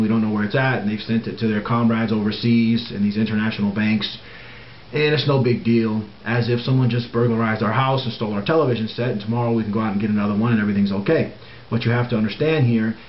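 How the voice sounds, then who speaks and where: A man talking straight to camera in an emphatic monologue, insisting on his points and repeating words for stress. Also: on the low side. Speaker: political commentator. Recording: roomy, dull, faint hiss.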